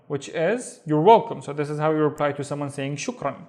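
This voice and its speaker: Male teacher, fairly high voice, slow syllable-by-syllable repetition, patient. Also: darkish tone. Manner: patient, sounds out syllables slowly and repeats them. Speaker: Arabic teacher. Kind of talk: slow step-by-step reading lesson.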